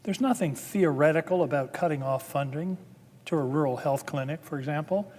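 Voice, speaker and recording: A man's voice: on the high side, brisk, a little mellow. A man, a senator, giving a formal floor speech with earnest, building emphasis. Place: legislative chamber. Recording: long reverb of a large chamber.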